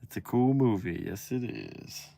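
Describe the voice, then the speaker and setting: A man from Texas hosting a casual livestream, chatting with viewers in a relaxed, rambling way that turns eager at times. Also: measured pace, vocal fry, noisy background. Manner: relaxed, chatty, drifting from low mumbles to excited bursts. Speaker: livestream host. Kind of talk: casual livestream chat reading comments.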